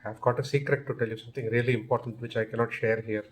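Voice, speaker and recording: A man's voice: mid-range voice, fairly even intonation, fast, close to an everyday voice. A man voicing a stubborn, touchy young villager in a told story, defensive and sulky. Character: touchy male villager, stubborn about whispering.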